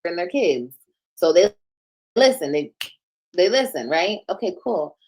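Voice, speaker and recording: A woman's voice: on the low side, very animated, a little slow, darkish tone, breathy edge, rough recording. Defensive woman streamer, explaining herself. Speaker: livestreamer being reacted to. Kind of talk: casual livestream talk.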